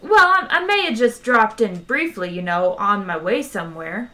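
A woman's voice: a little high, sing-song, normal speed, pushed and bright, pitched above the performer's own voice. A woman reading aloud, voicing a flashy, breezy two-headed alien man who talks casually and dodges questions. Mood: flustered. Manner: casual, evasive drawl.

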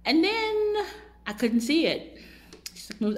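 Shaken woman, lively swooping voice. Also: takes it slowly, long pauses. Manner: shaken, animated, jumps up high when quoting people. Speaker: life coach telling a personal story. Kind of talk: casual storytelling vlog.

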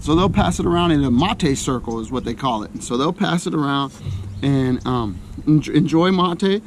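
A man chatting casually to camera outdoors by a lake, relaxed and rambling, with many restarts. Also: fairly high pitch, slight background noise. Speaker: outdoor vlogger.

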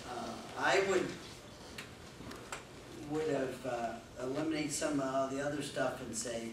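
A man of middling pitch offers feedback on a speech, pausing as he searches for words. He is recorded from across a very echoey room with steady noise behind. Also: recorded from a distance. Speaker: speech evaluator. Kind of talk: spoken feedback.

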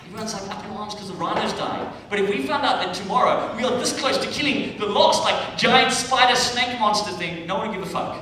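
A South African man doing stand-up comedy, loud and swearing, with shouted punchlines. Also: high-pitched, brisk, hardly any pauses. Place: comedy club stage with a laughing crowd. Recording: echoey club room taped from a distance.

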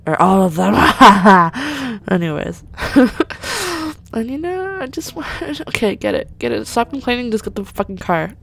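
A woman giving excited, gushing commentary while playing a racing game, swearing freely and often gasping and laughing. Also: medium pitch, fairly quick, vocal fry, hardly any pauses. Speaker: gaming channel host.

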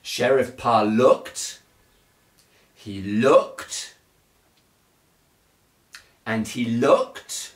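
A man reading a children's bedtime story aloud in a slow, gentle, lilting way. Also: medium pitch. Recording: echoey room.

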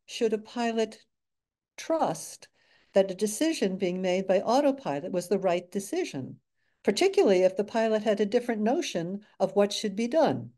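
An older woman giving an academic slide lecture, measured with dry asides and frequent fillers. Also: medium pitch, dark tone. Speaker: guest speaker.

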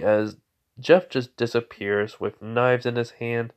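A man's voice: medium pitch, little pitch movement, slow pace, clear, resonant tone. A young man improvising a fan story, rambling with frequent fillers. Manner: rambling, full of "you know" and "as" fillers. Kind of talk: improvised fan-fiction narration.

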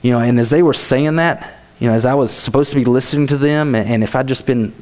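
A man's voice: medium pitch, fast, darkish tone. Conversational man giving a youth sermon. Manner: conversational, full of "you know" and restarts. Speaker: youth speaker. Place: church.

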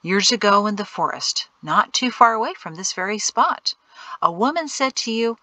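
A woman reading the lines of a bulky, gentle man in black in an audiobook, speaking quietly and sometimes hushed. Her tone is bright and the recording dry and close. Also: medium pitch, expressive, normal speed, dry recording. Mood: earnest.

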